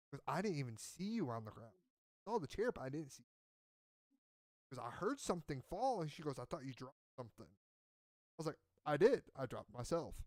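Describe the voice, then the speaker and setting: A man's voice: mid-range voice, a little mellow, no echo. A man in casual chat who tells a rambling story and acts out what people said. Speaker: podcast host.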